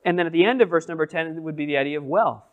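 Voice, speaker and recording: Male pastor, slightly higher voice, conversational Bible teacher, quizzes the room, stumbles over restarts. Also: narrow, tinny audio. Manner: conversational, asks the group questions; halting restarts, many repeated words.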